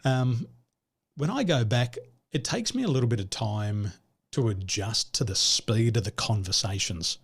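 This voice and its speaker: A husky-voiced Australian man in his forties chats as an interview guest over a remote call. He sounds relaxed and jokey, easing into his answers with little fillers. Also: on the low side, measured pace. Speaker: business consultant guest. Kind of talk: casual interview conversation.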